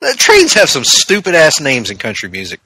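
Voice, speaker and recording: A man's voice: on the high side, wildly swooping pitch, moderate pace, pushed and bright, husky, no room sound, poor audio. A man co-hosting a podcast in casual chat, joking and laughing a lot. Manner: jokey, breaks into sung lines and laughs. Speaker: podcast co-host.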